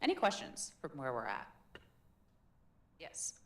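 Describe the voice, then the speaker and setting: A woman's voice: extremely low pitch, huge pitch swings, unhurried. A woman leading a live public speaking workshop in a chatty, demonstrative, encouraging way. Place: meetup room in a tech hub.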